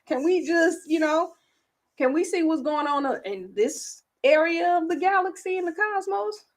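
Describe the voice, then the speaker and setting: A woman's voice: extremely high pitch, animated, normal speed. A woman hosting an online info session in a casual, chatty way, laughing often and poking fun at herself. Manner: chatty, giggly, self-deprecating. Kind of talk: casual livestream chat.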